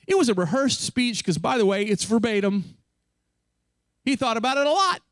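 High-voiced preacher telling a dramatic story. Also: male voice, lively intonation, brisk, a bit bright, no room sound, clean studio sound. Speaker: pastor. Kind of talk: sermon.

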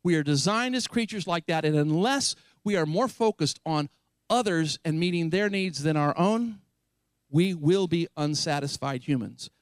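A man preaching an animated, emphatic sermon as a pastor, paraphrasing scripture in a lively voice. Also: on the high side, normal speed, no echo, studio quality.

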